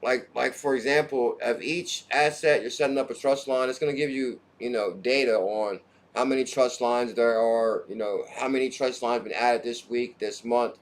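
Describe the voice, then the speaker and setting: A man at medium pitch and normal pace hosts a crypto livestream, talking casually and with excitement. He jumps from topic to topic and greets chat viewers by name.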